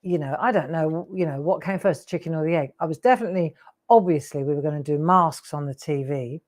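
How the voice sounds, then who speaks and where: A woman's voice: deep voice, quick pace, darkish tone. A woman in her sixties hosting a live craft show, chatty and rambling with laughing asides. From England. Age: 60s. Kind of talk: live craft demo chat.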